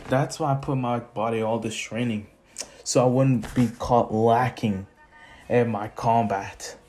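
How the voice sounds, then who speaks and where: A man's voice: mid-range voice, fairly even intonation, a little slow. A man telling a fan story loosely, stopping often to correct himself. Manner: rambling, self-correcting. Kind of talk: casual improvised fan story. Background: soft lofi music.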